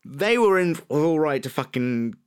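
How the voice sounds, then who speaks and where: A man's voice: fairly high pitch, sing-song, unhurried, clear, resonant tone. A young man co-hosting a podcast, talking in a loose, rambling way and swearing. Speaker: podcast co-host. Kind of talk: casual chat.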